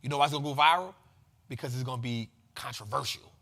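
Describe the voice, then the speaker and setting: A man hosting a finance show, giving energetic market commentary in a slangy, emphatic way and repeating lines for effect. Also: mid-range voice, fast talker, creaky, breathy edge.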